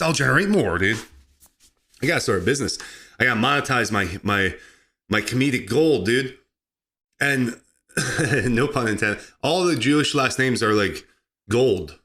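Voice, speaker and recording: A man hosting a comedy podcast, talking sarcastically and excitably, laughing at his own jokes. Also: medium pitch, moderate pace. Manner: sarcastic, excitable, mock-outraged asides. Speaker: podcast host.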